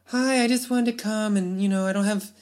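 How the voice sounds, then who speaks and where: A man impersonating a timid, fragile male pop star, speaking in a gentle, breathy, hesitant way. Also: high-pitched, steady tone, voice pushed up, lightly acted. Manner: hesitant, nervous, halting.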